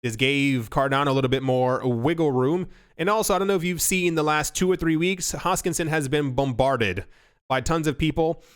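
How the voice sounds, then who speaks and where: A man's voice: on the high side, fairly even intonation, moderate pace, clear, resonant tone. A man hosting a casual crypto news commentary, rambling and restarting his sentences often. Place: home recording setup. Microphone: studio mic.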